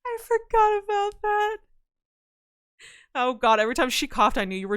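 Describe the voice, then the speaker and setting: A woman's voice: high-pitched, normal speed, clear, resonant tone, dry recording, studio quality. A young woman streamer chatting casually with her chat, telling stories and laughing, with a slightly scratchy throat. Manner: chatty, laughing, reads chat aloud, animated storytelling.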